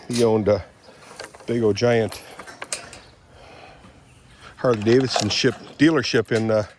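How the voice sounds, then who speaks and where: An older man from Michigan rambling in a casual vlog while walking around his property outdoors, often clearing his throat and drifting into asides. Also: fairly low pitch, fairly even intonation, slow, long pauses, background noise. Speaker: vlogger.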